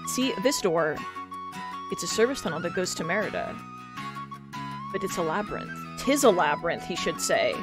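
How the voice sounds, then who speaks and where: A woman's voice: fairly low pitch, very animated, moderate pace, pauses often, over music. Brief: woman as a folksy squirrel bard with a put-on Scottish accent, sly and friendly. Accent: attempted Scottish.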